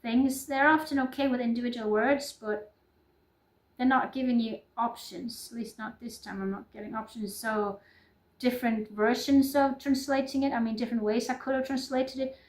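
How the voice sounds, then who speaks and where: Woman, Norwegian accent, rambling vlogger, slightly high voice, roomy echo. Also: fairly even intonation, normal speed. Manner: chatty and rambling, often laughing and apologizing. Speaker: YouTuber. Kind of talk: casual improvised vlog chat. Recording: echoey room.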